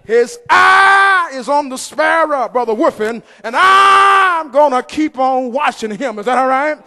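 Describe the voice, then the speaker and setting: A man, preaching in a church. He delivers his sermon slowly and with great force, shouting and half-singing as he calls out to the congregation. His voice rings with the long reverb of a large hall. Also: extremely high pitch, expressive.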